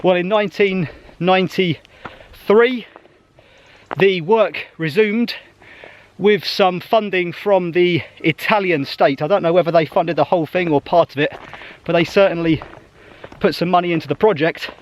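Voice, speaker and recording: A man's voice: high-pitched, measured pace, a little hiss or hum. A man walking outdoors on a mountain trail, chatting casually to a handheld camera as he vlogs his trip, a little out of breath. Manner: chatty, thinking aloud while walking. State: slightly out of breath on a hike. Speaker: travel vlogger. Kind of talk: casual travel vlog narration.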